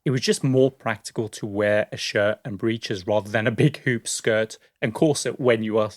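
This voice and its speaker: A man's voice: fairly low pitch, fairly even intonation, normal speed, no room sound, clean studio sound. A man co-hosting a podcast, telling a story in a casual, chatty way with lots of fillers and laughs. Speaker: podcast co-host.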